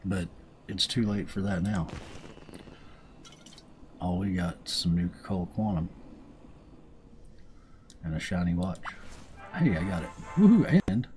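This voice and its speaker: A man's voice: sits low, little pitch movement, a little slow, long pauses, slight background noise. A man casually commentating his gameplay, joking around and sometimes reading game lines in silly voices. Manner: joking, reads game dialogue aloud in goofy voices. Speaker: gaming video host.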